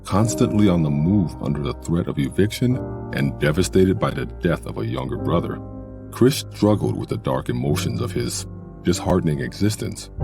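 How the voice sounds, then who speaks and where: A man's voice: low-pitched, creaky. A man giving a solemn, scripted narration for a book trailer, with music behind him.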